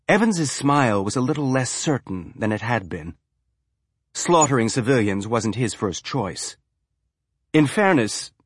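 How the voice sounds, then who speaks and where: A man narrating an audiobook with an even, measured reading. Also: medium pitch, husky, no room sound, studio quality.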